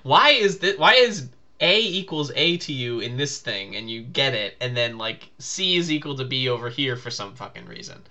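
Man, podcast co-host, very bright tone, animated, laughing, casual chat. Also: medium pitch, normal speed, few pauses. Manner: laughs often, rambling.

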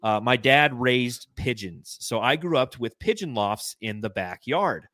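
A man's voice: mid-range voice, unhurried, no echo. A man from California, co-hosting a casual sports podcast and telling stories animatedly with lots of laughter. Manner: storytelling, laughing often, animated. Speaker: podcast co-host.

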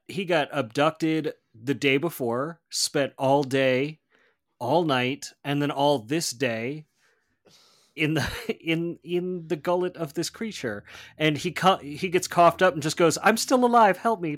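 A man's voice: on the high side, slow pace, dry recording. A man on a podcast answering questions with dry, joking explanations. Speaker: podcast guest expert. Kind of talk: casual podcast discussion.

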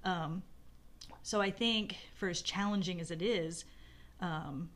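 Middle-aged woman, low voice, reflective, rambling, casual chat with her spouse. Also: slow pace, a bit bright. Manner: reflective, rambling with many fillers. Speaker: podcast co-host talking about her marriage. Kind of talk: casual conversation.

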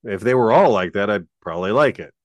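A man's voice: fairly low pitch, animated, quick pace, dry recording. A man co-hosting a podcast in casual chat, blunt and opinionated, swearing as he complains. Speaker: podcast co-host.

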